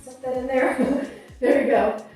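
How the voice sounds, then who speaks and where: A woman's voice: sits high, fairly even intonation, a little slow, darkish tone. A woman in her fifties leading a core workout, out of breath, encouraging and coaching through each exercise. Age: 50s. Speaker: fitness instructor. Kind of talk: workout instruction. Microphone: clip-on mic. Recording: echoey room, mic far off, music behind.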